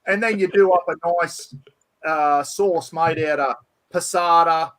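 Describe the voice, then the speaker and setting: A man's voice: fairly high pitch, measured pace, fairly bright tone. Chatty enthusiastic man. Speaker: host. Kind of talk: casual chat.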